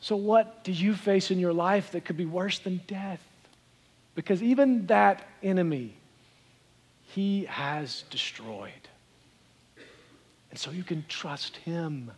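High-voiced preacher in a reverberant church. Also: male voice, slow pace, long pauses, breathy edge. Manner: emphatic preaching that swells loud and drops soft. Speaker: pastor. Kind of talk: sermon.

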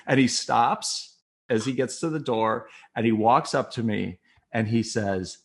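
A man from Minnesota telling an emotional personal story, acting out the voices and swinging from quiet to loud. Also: lowish voice, brisk. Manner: animated, acts out voices, swings from soft to loud.

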